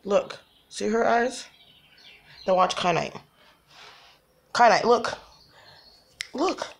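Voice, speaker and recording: Recording a casual home video indoors, a woman talks baby talk to her cats to coax them, laughing frequently. Her medium-pitched, gravelly voice is slow with lively intonation.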